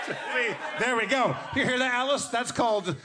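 A man's voice: very high-pitched, very noisy. A man telling rambling, profane stories in live comedy podcast banter, often stammering at the start of a line. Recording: live audience audible.

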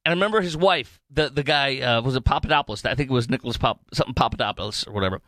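A man's voice: mid-range voice, rapid-fire, a bit bright, no room sound, clean studio sound. A man hosting a talk radio show, delivering a rambling, opinionated political monologue with mocking asides. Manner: rambling, digressive, mocking impressions.

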